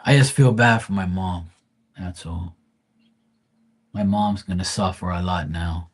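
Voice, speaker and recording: A man's voice: low-pitched, a little slow, breathy edge. A man grieving, talking casually and profanely in a rambling livestream, often restarting his sentences. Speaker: tarot reader streamer.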